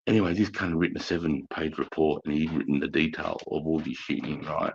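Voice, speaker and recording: A middle-aged Australian man telling rowdy army stories in a coarse, profane, animated way on a casual live stream. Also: rumbling low, fairly quick, creaky, slight background noise. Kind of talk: casual storytelling chat. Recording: dull lo-fi stream audio.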